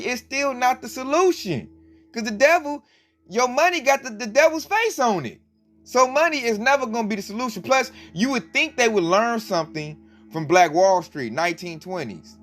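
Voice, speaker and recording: A man's voice: sits high, fairly bright tone. A man giving emphatic, colloquial commentary with a preaching edge, often breaking into laughs. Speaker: religious commentator.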